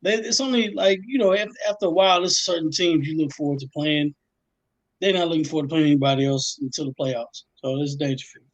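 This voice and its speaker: A high-voiced man from Texas talks sports on a panel, recorded dry and close. He speaks in an animated, slangy way and jokes with his co-hosts. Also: fast, no room sound, dull audio. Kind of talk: casual sports chat.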